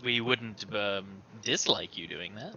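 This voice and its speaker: A man playing in a tabletop game, chiming in with quick, rules-savvy remarks over an online call. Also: lowish voice, vocal fry, bright, forceful tone. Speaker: player. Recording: dull lo-fi call audio.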